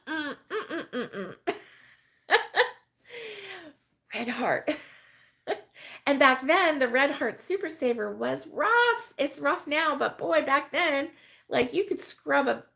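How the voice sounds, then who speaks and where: This crochet live stream host, a middle-aged woman from the United States, has a high, gravelly and a bit bright voice. She chats casually, full of fillers and frequent laughter, while reading out viewers' comments.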